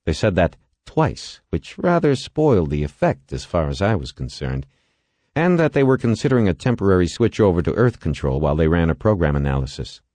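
A man's voice: low voice, very animated, a little fast, a little mellow, dry recording. A man reading as a worried, understated astronaut. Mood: wary. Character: calm, worried male astronaut.

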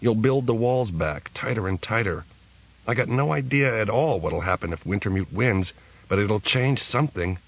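A man's voice: fairly low pitch, lively intonation, normal speed, gravelly, husky, heavily acted, low-quality recording. A man voicing a tense, angry young male hacker, blunt and profane, in an audiobook. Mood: desperate. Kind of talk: audiobook character reading.

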